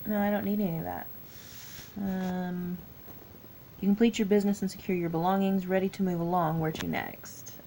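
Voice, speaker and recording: A woman's voice: lowish voice, fairly even intonation, normal speed, mellow, a little hiss or hum, poor audio. A tired woman with a Southern US accent, reading a text adventure game aloud with her own asides and stumbling over long words. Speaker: gaming YouTuber.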